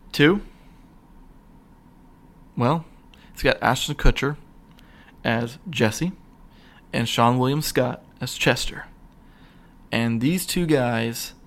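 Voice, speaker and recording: A young man hosting his own podcast, rambling excitedly with lots of fillers and restarts. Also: medium pitch. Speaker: podcast host. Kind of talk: casual solo podcast rant. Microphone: single mic, podcast.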